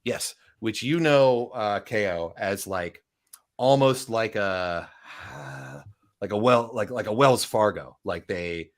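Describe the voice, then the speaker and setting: A man's voice: fairly low pitch, animated, slow. A man narrating as game master, rambling with many fillers and asides. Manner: rambling, lots of fillers and "right?".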